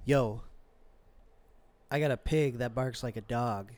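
A man co-hosting a podcast, telling a long story in casual, profane chat and acting out the quotes with lively swings. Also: mid-range voice, slow pace. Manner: animated, profane, acts out quotes. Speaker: podcast co-host.

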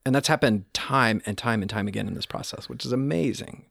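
A man's voice: medium pitch, fairly quick, gravelly, fairly bright tone, no echo, studio quality. Man hosting a chatty podcast. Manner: explains with counted beats, hums, laughs easily. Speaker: podcast host. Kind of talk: casual conversational interview.

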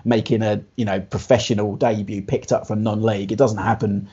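A man chatting casually on a podcast in a relaxed, rambling way, laughing easily. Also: fairly low pitch, brisk, husky. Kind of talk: casual chat. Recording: slightly dull lo-fi recording.

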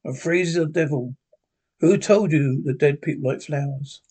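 A mysterious wanderer in an old horror tale speaks gravely and dryly, with a mocking edge, as a male reader puts him on. His voice is husky and sits fairly high. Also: moderate pace, darkish tone, lightly acted. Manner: grave and dry.

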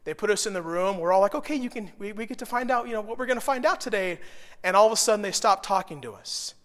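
Speaking fast in a high-pitched voice, a middle-aged pastor tells a personal story during his sermon in a large hall. His emotion builds until it reaches loud, intense peaks.

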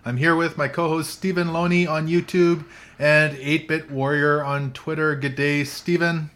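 A man's voice: fairly high pitch, little pitch movement, unhurried, fairly bright tone. Guy hosting a tech chat from a coffee shop, laughs a lot, chatty. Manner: chatty, laughs often, restarts sentences. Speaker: podcast host. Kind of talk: casual chat.

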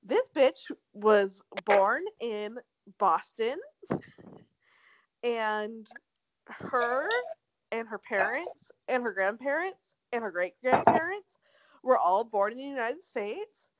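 A woman's voice: on the high side, expressive, takes it slowly, background noise. A young woman co-hosting a podcast, gossiping casually in slangy, laughing chat. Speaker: podcast co-host.

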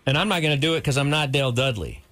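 A man co-hosting a radio show, bantering casually and quickly protesting his co-hosts. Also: medium pitch, fairly bright tone.

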